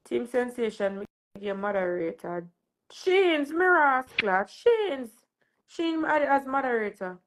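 A Jamaican woman hosts a live stream in easy patois and jokes with her guests. Her voice sits fairly high, and she often breaks into laughter. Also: big pitch swings, slow. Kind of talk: casual live-stream chat.

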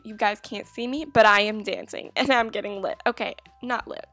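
A woman's voice: medium pitch, a little fast, hardly any pauses, fairly bright tone, soft background music. A young woman in casual let's-play commentary, bubbly and gushing as she chats to her viewers. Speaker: gaming YouTuber.

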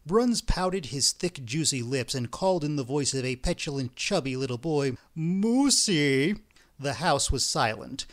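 A man reading a classic novel aloud as an audiobook narrator, in a measured, unhurried way. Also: mid-range voice. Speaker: audiobook reader.

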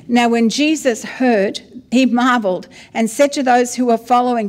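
A middle-aged woman, preaching a sermon as an apostle in a lively, conversational storytelling style. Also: a little high, moderate pace, hardly any pauses.

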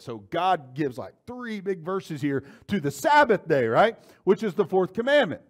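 A man's voice: high-pitched, normal speed, few pauses. A male pastor teaching a Bible study class. He speaks emphatically, checks in often with his listeners, and reads scripture aloud in old-fashioned wording. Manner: emphatic, keeps checking in with "okay?"; animated, rising to forceful emphasis.

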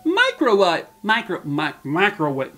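A man's voice: huge pitch swings, very slow, soft background music, full character voice. A man putting on a hammy fake Australian voice. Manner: over-the-top, loud and high-pitched. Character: man joking in a bad Australian accent.

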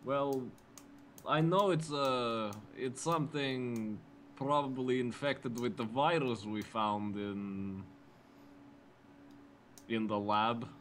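A man's voice: mid-range voice, steady tone, takes it slowly, pauses often, fairly bright tone, slight background noise. A man playing a character in a tabletop role-playing game, speaking in character in a playful way. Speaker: player.

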